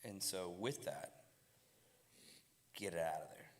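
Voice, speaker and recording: A man's voice: low-pitched, expressive, slow pace, slight background noise. A man on a casual panel, giving direct, confident, coach-like advice.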